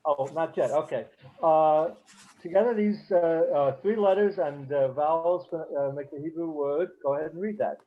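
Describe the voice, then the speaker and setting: Halting male teacher on a video call. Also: on the high side. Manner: halting, many fillers and restarts. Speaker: Hebrew teacher. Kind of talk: online beginner class. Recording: dull lo-fi call audio.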